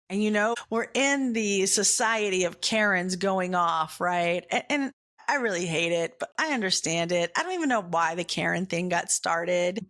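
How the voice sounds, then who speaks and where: Laughing at her own expense, a woman recounts a personal story on the faith-based comedy podcast she hosts. Her voice is lowish and a bit bright, and she slips into quick put-on voices to act out what others said.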